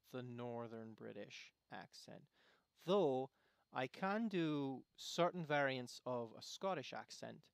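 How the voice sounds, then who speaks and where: A man from Arizona, chatting casually and musing out loud while playing a game on stream. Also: medium pitch, clear, resonant tone, no echo, clean studio sound. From Arizona, USA. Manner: rambling, musing, self-interrupting. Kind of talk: casual gameplay commentary.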